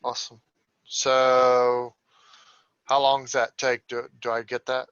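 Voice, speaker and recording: A man playing in a tabletop game, giving brisk, short replies in casual chat. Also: medium pitch, monotone, fairly bright tone, clear, resonant tone, no echo. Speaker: player. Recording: dry, dull lo-fi sound.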